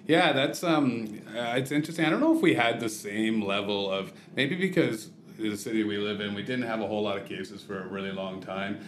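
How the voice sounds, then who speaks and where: A man's voice: fairly low pitch, brisk, few pauses, fairly bright tone. A man hosting a podcast interview, asking questions casually with many hesitations. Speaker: podcast host, restaurant owner. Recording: roomy with faint noise.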